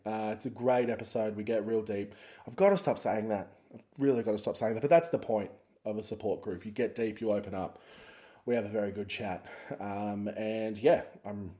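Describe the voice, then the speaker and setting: A man's voice: lowish voice, dark tone. A man hosting a podcast, chatting casually in a rambling, jokey, self-mocking way. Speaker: podcast host. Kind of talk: casual podcast intro chat.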